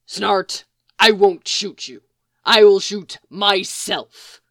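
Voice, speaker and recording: Woman reader doing a surly male brawler: gruff, blunt, slow threats. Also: on the low side, no room sound, studio quality. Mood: exasperated. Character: gruff surly grown man, captive brawler.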